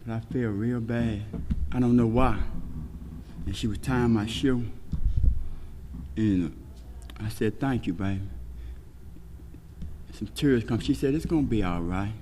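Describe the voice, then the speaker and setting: A man telling his recovery story at a meeting, with rhythmic lists and swings between shouting and hushed talk. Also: fairly low pitch, a little slow, pauses often. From Texas. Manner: preaching, rhythmic lists, shouts and laughs early, quiet and hushed later. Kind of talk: personal testimony at a speaker meeting. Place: meeting hall. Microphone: podium microphone. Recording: hall reverb, faint noise.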